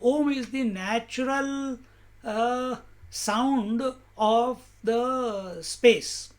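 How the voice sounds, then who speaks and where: A man speaks in a strikingly high voice as a spiritual teacher. He gives a calm discourse and leans on rhetorical questions. His pace is measured and his points are made with emphasis.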